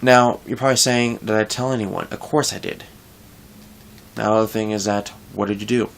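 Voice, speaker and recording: A man's voice: fairly low pitch, fairly even intonation, normal speed, vocal fry, a bit bright. A young man talking casually in a vlog, venting frustration about his workplace in a rambling way with frequent restarts. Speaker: vlogger.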